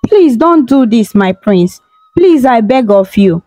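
Storybook: a woman playing a tearful, pleading young maid, higher voice. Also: animated, slow pace, mellow, no echo, faint music behind, low-quality recording.

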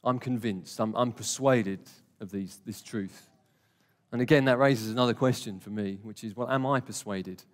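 A man's voice: fairly low pitch, normal speed. A man preaching a conversational, emphatic sermon to a live congregation, with jokey asides. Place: warm church hall, live congregation. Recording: long hall reverb.

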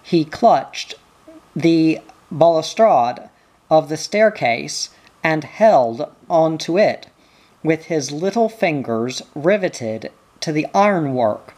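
A reader narrating a history book in an even, measured manner. The pace is markedly slow and careful, with each phrase given room. The voice sits at a middle pitch. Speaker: audiobook reader. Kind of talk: reading a history book aloud.

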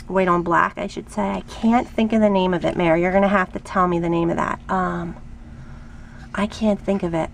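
Chatty woman gushing over a craft haul. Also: mid-range voice. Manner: chatty, rambling, gushing with excitement. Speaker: craft vlogger. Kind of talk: casual show-and-tell haul.

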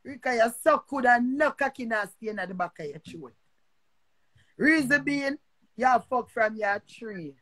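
A woman's voice: a little high, lively intonation, a little slow, a bit bright, slightly rough. An older woman with a Jamaican accent ranting on a live stream, cursing and repeating herself in a confrontational way. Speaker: social media personality. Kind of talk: heated live-stream rant.

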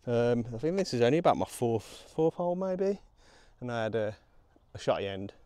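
A man with a Midlands accent, out of breath, chatting excitedly to the camera outdoors while metal detecting in a field. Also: mid-range voice, normal speed, clear, resonant tone, dry recording. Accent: English Midlands. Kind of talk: casual outdoor commentary.

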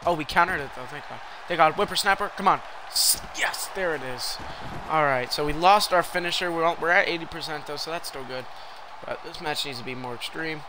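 A young man giving live commentary while he plays a wrestling video game, reacting loudly to every turn. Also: a little high, quick pace, a crowd in the background. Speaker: game streamer.

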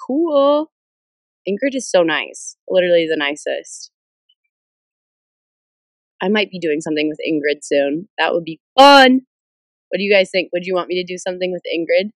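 A woman's voice: fairly low pitch, normal speed, long pauses, no echo. Bubbly stuffed-up young woman livestreaming. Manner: bubbly, excitable, jumps between viewer shoutouts. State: stuffed up with a cold. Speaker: livestream host. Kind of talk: casual livestream chat reading comments. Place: in a car. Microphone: phone camera.

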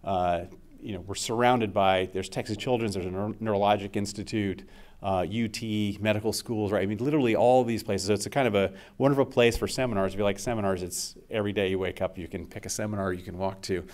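A man's voice: lowish voice, fairly even intonation, fast talker, darkish tone. A middle-aged man giving a scientific seminar talk as the invited speaker, conversational and full of uh and um fillers.

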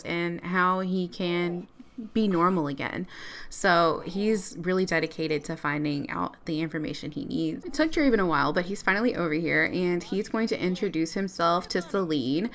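Excitable woman doing game commentary. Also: lowish voice. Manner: excitable, exclaims and laughs often. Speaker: gamer. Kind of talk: let's play commentary.

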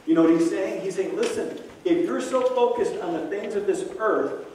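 Male pastor, somewhat high voice, conversational sermon full of restarts, heard from a distance with a faint hiss. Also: moderate pace, dark tone. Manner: conversational preaching with repeated restarts and asides. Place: church sanctuary. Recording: echoey room, mic from a distance.

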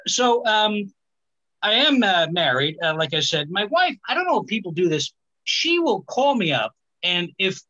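A male stand-up comedian on a live stage, delivering his set with a halting manner and many "uh" fillers. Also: high-pitched, sharp tone, highs cut off. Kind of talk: stand-up routine.

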